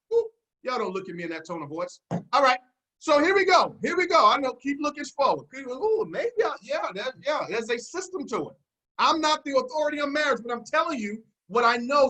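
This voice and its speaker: A man's voice: extremely high pitch, pushed and bright, poor audio. A man leading a motivational business seminar, confident and preachy, with call-and-response and repeated key phrases. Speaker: network marketing team leader.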